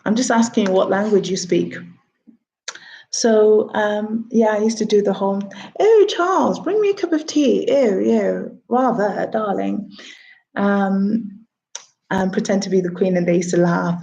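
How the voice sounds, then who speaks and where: A TV producer in her thirties chats casually on a livestream, greeting viewers and answering her own questions as she talks to herself and to them. Her voice is mellow and medium-pitched, and the sound is lo-fi.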